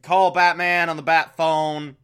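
A man's voice: a little high, little pitch movement, unhurried, a bit bright, clean tone. A man giving a casual, comedic recap of an episode, wry and chatty with laughing asides. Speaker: show host recapping an episode.

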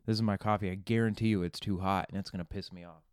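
A man's voice: low-pitched, fairly even intonation, fast talker, a little mellow, clean tone, no room sound, studio quality. A man hosting a solo morning podcast, ranting and cursing in a rambling, self-mocking way. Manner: rambling with many restarts. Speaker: podcast host.

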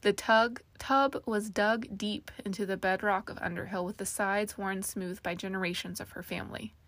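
A woman narrating a fantasy story aloud in a steady storytelling manner, giving each character a voice. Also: mid-range voice, normal speed, no echo. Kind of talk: audiobook narration.

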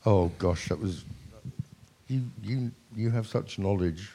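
A man hosting a chat show, animated and quick with asides. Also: on the low side, gravelly. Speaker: host. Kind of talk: casual chat.

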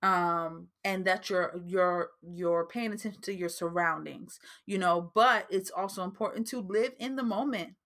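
A woman's voice: on the low side, unhurried, few pauses, fairly bright tone. A woman from New Jersey with a New Jersey accent, hosting a casual faith-based advice podcast in a chatty way that repeats itself. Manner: chatty, repeats herself, frequent fillers. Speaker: podcast host.

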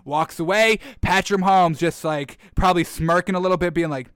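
A man hosting a sports talk show, excitable, ranting and repeating himself in casual commentary. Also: high voice, a little fast, clear, resonant tone, no room sound, clean studio sound.

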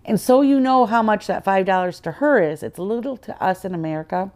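A woman's voice: mid-range voice, animated, a little fast, darkish tone. A woman guest on a podcast, earnestly telling her personal faith story in conversation and acting out the dialogue she quotes.

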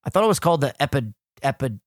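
A man's voice: mid-range voice, big pitch swings, fast, no room sound. A man co-hosting a podcast in casual, crude, joking banter, close to the mic. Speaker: podcast co-host.

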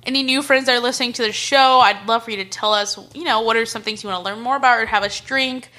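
A woman's voice: a little high, fairly even intonation, fast talker, pushed and bright. A woman co-hosting a podcast in casual chat, rambling and laughing, with some swearing. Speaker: podcast co-host. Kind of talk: casual chat over beers.

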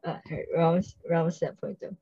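A woman's voice: low voice, quick pace, lo-fi sound. A woman co-hosting a casual podcast, recapping a TV episode and acting out the characters' lines. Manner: animated, acts out characters' lines. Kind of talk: casual chat.

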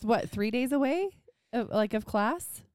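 A woman in her thirties co-hosting a casual podcast chat, joking and steering the talk with questions, her voice a bit deep from being sick. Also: expressive, measured pace, a little mellow, no echo, clean studio sound. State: sick voice, deeper than usual. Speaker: podcast co-host.

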